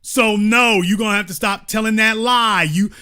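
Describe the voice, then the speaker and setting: A man's voice: sits high, steady tone, normal speed, sharp tone. A man hosting a heated commentary monologue, repeating his points emphatically and confrontationally in slangy, colloquial speech. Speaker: commentary show host.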